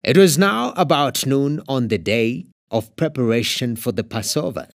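A man from Kenya with a Kenyan English accent, reading scripture aloud as narrator in a steady, expressive way. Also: mid-range voice, normal speed, no room sound, studio quality.

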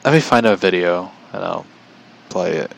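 A man's voice: sits low, lively intonation, moderate pace, creaky. A young man chatting casually on a livestream, rambling, often chuckling and reading out viewer comments. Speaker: vlogger.

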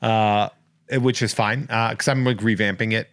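A man hosting a podcast in casual chat, joking and rambling through listener shout-outs. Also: lowish voice, steady tone, normal speed, no room sound, clean studio sound. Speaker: podcast host.

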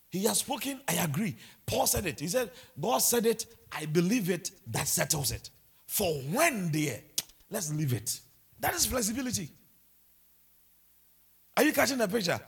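A man preaching a sermon, telling personal stories with lively, stammering restarts. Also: high voice, gravelly, slightly rough.

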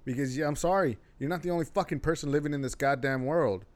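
A man's voice: fairly high pitch, fast, a little mellow. A man hosting a casual podcast chat, talking bluntly and swearing freely as he rants. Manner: profane, blunt, ranting. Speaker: podcast host.

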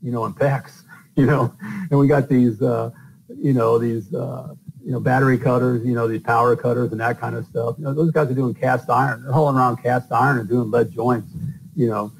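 Man, middle-aged, gravelly, rambling with fillers, casual interview, light background noise. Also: mid-range voice, fairly even intonation, moderate pace, rough recording. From northern US. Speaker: plumber and podcast host.

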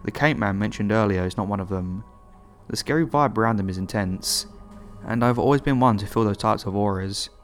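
A man narrating true horror stories as a steady, measured first-person reading. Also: lowish voice, faint music behind. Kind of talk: scripted horror story narration.

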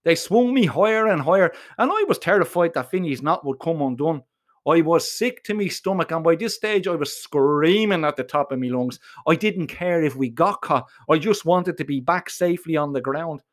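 A man with an Irish accent telling a comic first-person story in a profane, colloquial and animated way. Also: fairly high pitch, normal speed. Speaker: narrator.

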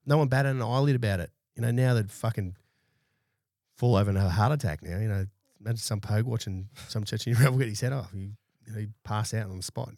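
Australian male guest, thirties, lower voice, blunt, swears a lot, dry close studio sound. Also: fast talker, a little mellow, no echo. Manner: blunt and heavily profane, laid-back anecdotes. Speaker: podcast guest, army veteran. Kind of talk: casual storytelling interview. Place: small studio.

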